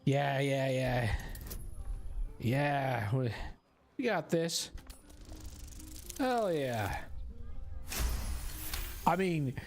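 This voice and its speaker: A man's voice: medium pitch, expressive, extremely slow, creaky, pauses often, soft background music. A man streaming a video game, chatting and teasing in a joking, casual way.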